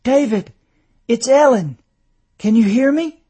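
A man's voice: high-pitched, animated, moderate pace, mellow, husky, voice pushed up, exaggerated voice. Anxious tender wife, as a man puts her on. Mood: pleading. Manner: pleading, tender. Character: worried loving wife, adult woman.

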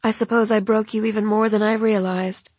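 Cruel scornful woman chief, put on by a female narrator, breathy, dry audiobook sound. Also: mid-range voice, level tone, brisk, darkish tone, dry recording, lightly acted. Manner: scornful, icy and mocking. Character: cold, cruel woman chief, a ruthless villain.

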